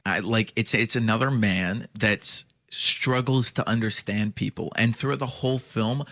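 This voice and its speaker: A man's voice: on the low side, normal speed, a bit bright, no room sound. A man co-hosting a podcast, talking casually about a film, blunt and sarcastic, with rambling restarts. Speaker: podcast co-host.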